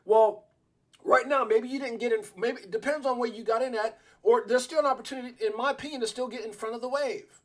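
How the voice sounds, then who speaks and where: A middle-aged man hosting a casual crypto livestream, talking in an excitable, repetitive storytelling way. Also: very high voice, fast talker.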